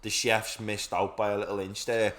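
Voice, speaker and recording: A man's voice: lowish voice, flat delivery, moderate pace, a bit bright, a little hiss or hum. A young man co-hosting a podcast in casual, sweary banter, calling everyone "lad". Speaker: podcast co-host. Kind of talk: casual chat.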